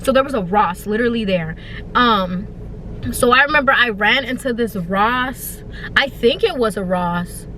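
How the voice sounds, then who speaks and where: A young woman with a high, bright voice recounts a scary storytime for her channel. She talks in loose, profane slang and breaks into exaggerated wails and fake crying. A faint hiss sits under her voice. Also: moderate pace. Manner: dramatic, swings into high wailing and mock crying. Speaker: YouTuber telling a storytime. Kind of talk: animated storytime vlog.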